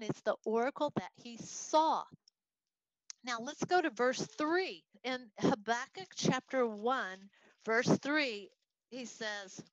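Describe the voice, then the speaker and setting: A woman's voice: on the high side, no room sound, dull audio. A woman with a Texas accent teaching a Bible study lesson, walking through a worksheet and acting out voices when she quotes. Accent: Texan. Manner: expressive, acts out voices in quotes.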